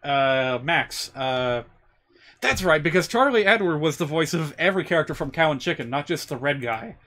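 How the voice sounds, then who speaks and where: A man streaming a video game, chatting in an excitable, rambling way with lots of asides. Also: a little high, moderate pace. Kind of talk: casual gaming commentary.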